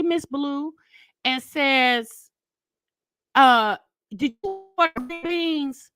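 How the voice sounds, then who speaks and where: Animated chatty woman, bright lively voice. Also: high-pitched, dry recording. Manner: chatty, animated, laughs and whoops while telling a story. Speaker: live stream host. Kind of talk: casual live chat storytelling.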